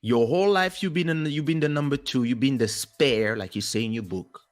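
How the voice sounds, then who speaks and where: A man hosting a casual talk show, telling stories in an animated way and acting out quotes, with a French-speaking background. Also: mid-range voice, brisk. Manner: animated storyteller, acts out quotes. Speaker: host.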